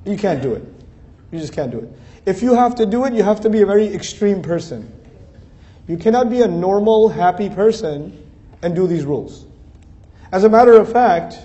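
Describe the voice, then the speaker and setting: A man's voice: sits high, warm tone, dull audio. A man giving an earnest religious lecture, building lists of phrases and rising to emphatic peaks. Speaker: Islamic speaker. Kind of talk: lecture to a Muslim audience.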